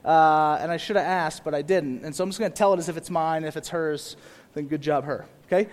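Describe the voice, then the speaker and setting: A young man preaching a sermon to a congregation, animated, moving between quiet asides and loud emphatic repetition. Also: fairly high pitch, brisk. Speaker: pastor.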